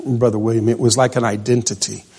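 A man's voice: mid-range voice, level tone, fast, darkish tone, breathy edge. An older man preaching a conversational sermon, reading scripture aloud and calling on listeners by name. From Central California.

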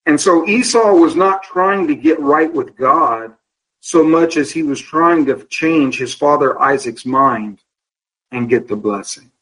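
A man teaching Scripture to a small class, talking in a candid, conversational way. His voice sits a little high and has a husky, breathy edge. He keeps checking in with his listeners and slows down on the words that matter. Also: a bit bright, low-quality recording. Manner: asks the class rhetorical questions, checking in with "okay?"; candid and personal, slows down to stress key words. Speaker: Bible study teacher.

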